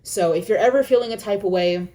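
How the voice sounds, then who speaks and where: A woman's voice: mid-range voice, fast talker, dark tone. A woman in a reflective personal video speaks earnestly and encouragingly. She leans on repetition to press her points home. Her voice sits in an ordinary middle register. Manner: earnest, encouraging, repeats phrases for emphasis. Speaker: vlogger.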